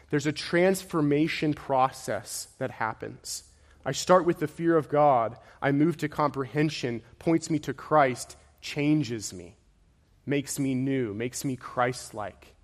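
Male preacher, unhurried emphatic sermon delivery, long reverb from a large hall. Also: mid-range voice. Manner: emphatic, repetitive preaching with rising and falling intensity.

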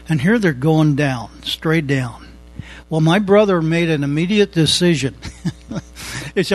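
A man with a voice pitched a little above usual tells a long, earnest story in an unhurried way, pausing as he goes. He is calling in and asking for advice. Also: poor audio. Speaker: caller asking a question. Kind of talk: telling a personal story.

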